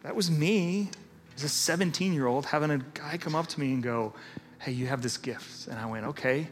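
A man preaches in a loose, conversational style, swinging between quiet moments and lively bursts as he acts out the people in his stories. His voice sits a little high for a man. Soft music plays faintly behind him. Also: moderate pace. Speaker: pastor. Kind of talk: sermon.

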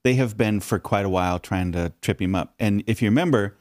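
A man's voice: on the low side, brisk, darkish tone, no room sound, studio quality. A man casually explaining a Bible passage to his co-host. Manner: explanatory, with short agreeing backchannels. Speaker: podcast co-host.

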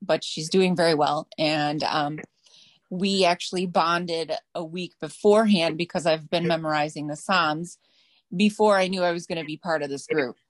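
A woman's voice: deep voice, normal speed, dry recording. A woman student chatting eagerly as she shares a personal story with her class. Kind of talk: casual class sharing.

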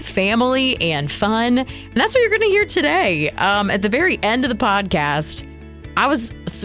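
A woman's voice: on the low side, a bit bright. A woman co-hosting a radio show podcast, chatting casually, chatty and self-deprecating. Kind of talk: casual chat.

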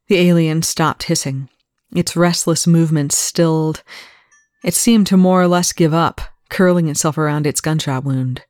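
A reader narrating a fan fiction audiobook in an even, measured way. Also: medium pitch, no echo, studio quality.

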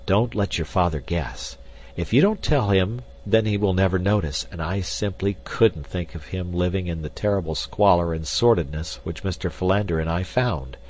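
A man reading the part of a devoted young nobleman, soft-spoken and pleading. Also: deep voice, normal speed.

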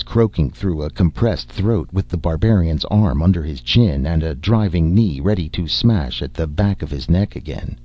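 A man reading a story aloud as a narrator, in measured scripted narration. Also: deep voice, highs cut off. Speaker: audiobook narrator.

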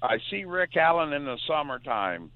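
A man calling in to a radio show, talking loudly in an animated, singsong way. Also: fairly high pitch, normal speed. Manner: loud, animated, singsong delivery. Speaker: caller. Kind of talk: call-in radio chat. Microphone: phone. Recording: tinny phone line.

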